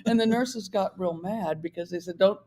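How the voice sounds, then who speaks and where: A woman guest on a talk show telling a story in a soft, halting way, with restarts. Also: medium pitch, background noise. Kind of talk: casual chat.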